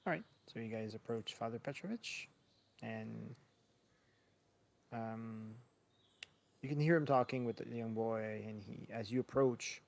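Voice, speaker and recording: A man's voice: fairly low pitch, unhurried, creaky, long pauses. A man narrating a tabletop game as game master, in meandering sentences full of fillers.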